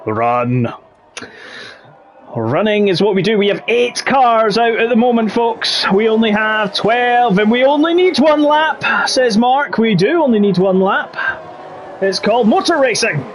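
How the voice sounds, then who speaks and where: A man with a strikingly high voice commentates a sim racing league live, rambling and chatty one moment, calling the action at full tilt the next. A faint hum of background noise sits under his voice. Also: measured pace. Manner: chatty, rises to excited shouting at race action. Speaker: lead race commentator.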